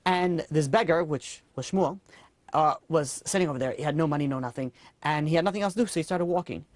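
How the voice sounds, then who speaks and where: A man, a rabbi, telling a moral story in a sermon, earnest and animated with casual fillers. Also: a little high, fairly quick, dry recording. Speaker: rabbi teaching a class.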